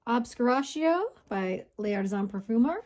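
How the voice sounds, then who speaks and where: A woman's voice: a little high, animated, normal speed, darkish tone. Woman perfume vlogger, casual, slightly breathless, self-correcting, handheld phone gimbal at home. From United States. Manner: chatty, self-correcting, stumbles over names. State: a bit out of breath. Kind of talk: casual vlog ranking.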